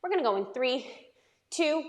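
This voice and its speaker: A woman's voice: sits high, expressive, moderate pace, long reverb tail. A young woman fitness coach leading a workout, upbeat and encouraging as she counts reps aloud. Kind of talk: workout instruction.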